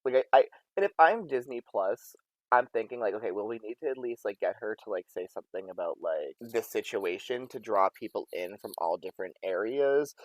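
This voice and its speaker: A man's voice: lowish voice, animated, a little fast, dry recording, poor audio. A young man as a podcast guest, chatting casually and animatedly acting out his own thoughts. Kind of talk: casual chat.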